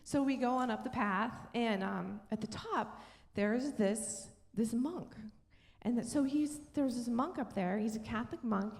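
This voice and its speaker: A woman pastor tells a story from the pulpit, her voice sitting a little high and carrying a long church-hall reverb. She is middle-aged and animated, and she acts out the people in her story. She moves between quiet, intimate moments and lively retellings. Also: a little slow, vocal fry. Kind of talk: sermon storytelling. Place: church sanctuary.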